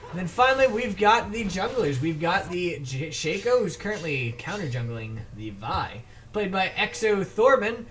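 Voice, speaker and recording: High-voiced casual male game caster. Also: very animated, normal speed, a bit bright, slight background noise. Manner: casual, rambling, trips over player names. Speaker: esports shoutcaster. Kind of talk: solo video game commentary.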